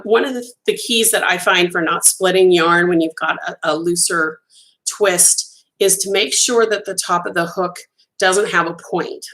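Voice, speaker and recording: A woman hosting a relaxed live chat from home, talking warmly and enthusiastically about what she holds. Her voice is a little hoarse, and she clears her throat now and then as if she is losing her voice. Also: lowish voice, poor audio. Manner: chatty, enthusiastic, admiring, talks to viewers by name. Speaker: crochet designer hosting a live stream. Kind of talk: casual live-stream chat.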